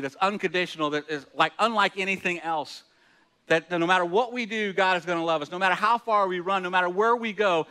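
A man's voice: a little high, bright, forceful tone. A middle-aged man preaching a sermon as pastor, chatty and self-deprecating, laughing often and restarting his words. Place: church hall.

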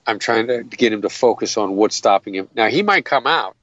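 A man's voice: fairly low pitch, animated, a little fast, a bit bright, no room sound, highs cut off. Uitleggende man met een doffe, droge opname. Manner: earnest and explanatory, with frequent restarts. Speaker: guest, hostage negotiator. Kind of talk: explanatory interview talk.

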